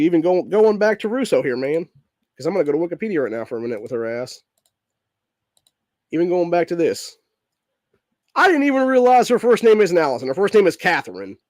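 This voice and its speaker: Here is a slightly high male voice, captured in a clean studio with no room sound. He's a sick-sounding political podcast host whose voice is messed up, and he's angrily ranting, swearing nonstop in a heated way and saying "dude" at the end of almost every sentence.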